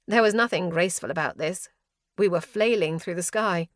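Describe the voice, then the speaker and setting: A woman's voice: fairly low pitch, moderate pace, dry recording, studio quality. Woman narrating a tense fantasy audiobook. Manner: tense, dramatic delivery. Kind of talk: scripted first-person fantasy narration.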